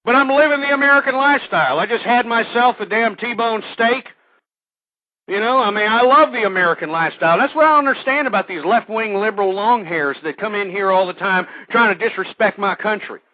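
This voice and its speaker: A man's voice: high voice, brisk, no room sound. A man hosting a call-in radio show, ranting in a combative, crude and repetitive way. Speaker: radio talk show host. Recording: tinny phone-like dry audio.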